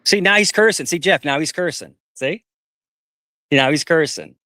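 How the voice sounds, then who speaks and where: A man with a fairly high voice taunts his opponent on a live video-call panel, repeating the same jabs in a mock-calm tone. His sound is dry and close, with no room around it. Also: normal speed, no echo. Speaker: panel guest. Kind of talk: heated argument on a live panel.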